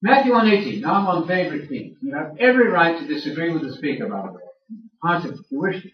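An older man delivers a lively lecture to a church audience, prodding them with pointed questions. His voice sits a little high and sounds distant, caught in a roomy space on a dull, muffled recording. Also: fast. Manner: teasing, challenges the audience with questions. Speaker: speaker addressing a church audience. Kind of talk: lively sermon-style lecture. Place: large room with an audience. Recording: echoey room, far from mic, dull sound.

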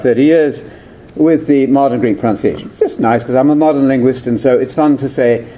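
A man's voice: mid-range voice, mellow. An older man giving a theological lecture, digressive and full of rhetorical questions.

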